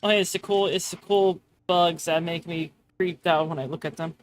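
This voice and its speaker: A woman's voice: fairly low pitch, steady tone, normal speed. A woman streaming a game live, chatting casually with friends and her chat, laughing often and swearing playfully.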